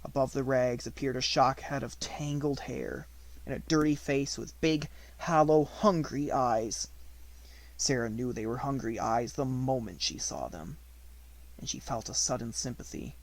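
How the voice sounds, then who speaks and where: A man reading an unabridged audiobook in a measured storytelling manner, slowing on descriptive words. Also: mid-range voice. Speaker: audiobook reader.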